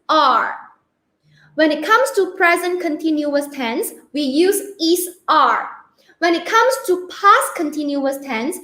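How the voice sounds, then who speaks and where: Lively high-voiced Malaysian English teacher. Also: female voice, echoey room. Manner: checks understanding often with "okay?"; slow, repeating key words for emphasis. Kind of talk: online English grammar lesson.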